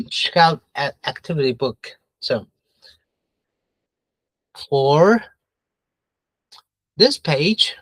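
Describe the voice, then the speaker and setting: A man teaching an English grammar lesson, going back and forth between English and Mandarin, repeating phrases and filling pauses with uh and okay. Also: a little high, sharp tone, no room sound, rough recording.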